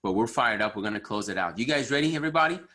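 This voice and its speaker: A man's voice: on the low side, animated, very fast, pushed and bright. A man giving a motivational business training talk on a video call, earnest and repetitive, driving his points home with emphasis.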